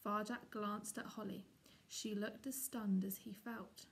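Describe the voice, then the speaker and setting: Gravelly woman reading a storybook aloud. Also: mid-range voice, steady tone, unhurried. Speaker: teacher.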